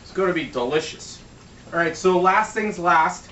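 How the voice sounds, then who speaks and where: A man's voice: sits high, normal speed, bright, forceful tone, a little hiss or hum. A man giving a casual cooking demo in his home kitchen, joking around and swearing freely. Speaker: home cook. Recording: echoey room, mic at a distance.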